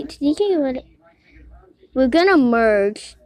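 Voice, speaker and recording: A woman giving casual commentary while playing an online game, excitable, giggly and quick to get frustrated, talking to herself. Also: high-pitched, dry recording. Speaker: gamer playing a Roblox game. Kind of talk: casual let's-play commentary.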